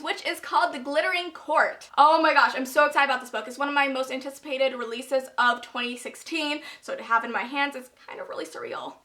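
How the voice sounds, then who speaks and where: A woman's voice: high voice, pushed and bright. A young woman hosting a casual book review vlog, talking in a bubbly, gushing, emphatic way. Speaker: book reviewer and channel host.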